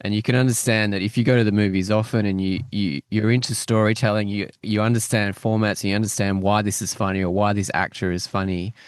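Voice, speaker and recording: A man's voice: fairly low pitch, level tone, fast, hardly any pauses, smooth, no echo, studio quality. A man co-hosting a podcast, chatting casually about a TV episode and gushing with enthusiasm. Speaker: podcast co-host. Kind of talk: casual chat reviewing a TV episode.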